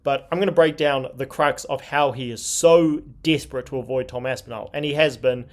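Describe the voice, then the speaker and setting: A man's voice: medium pitch, fairly even intonation, fairly quick. A man hosting a sports commentary channel, talking in an indignant, scornful tone. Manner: indignant, scornful, reads tweets aloud. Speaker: MMA commentary channel host. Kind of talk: opinionated commentary.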